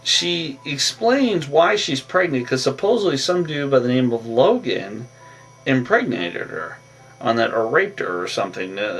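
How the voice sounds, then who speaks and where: A man's voice: medium pitch, animated, moderate pace, a bit bright, slightly rough, recorded from a distance. A man casually recapping a movie plot in a rambling way, with lots of fillers and restarts. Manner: rambling, filler-heavy retelling with repeated "on that". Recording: voice from away from the mic with faint music.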